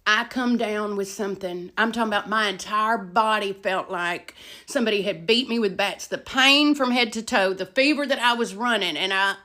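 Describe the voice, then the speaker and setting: A middle-aged woman telling a casual storytime, animated, with loud emphasis and hushed asides. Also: medium pitch, normal speed.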